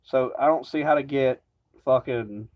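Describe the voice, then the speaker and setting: A man's voice: medium pitch, a little slow. A man ranting casually to camera, rambling and agitated, swearing constantly. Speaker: vlogger. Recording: dull lo-fi recording.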